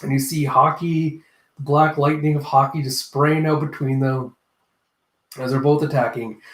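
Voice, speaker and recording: A man's voice: mid-range voice, flat delivery, normal speed, a bit bright. A man casually reviewing a comic chapter, rambling and correcting himself as he goes. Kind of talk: casual reaction commentary. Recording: echoey room.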